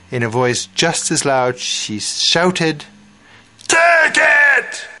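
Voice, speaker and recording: A man reading a spooky children's story aloud on the radio, slow and expressive with dramatic pauses. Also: medium pitch.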